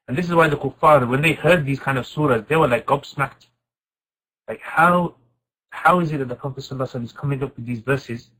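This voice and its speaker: Guy teaching quran to a class, animated, throws questions at the room, rattles off verses fast. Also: medium pitch, breathy edge, rough recording. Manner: lively, asks the class questions and answers them; recites Arabic verses quickly. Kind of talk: informal class lesson.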